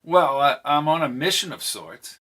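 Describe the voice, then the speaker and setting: A man's voice: fairly high pitch, animated, normal speed, fairly bright tone, husky. A man reading an audiobook, voicing a mysterious young woman from the future with a perky, proper, almost British accent. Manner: perky but proper, guarded. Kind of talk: audiobook character voice.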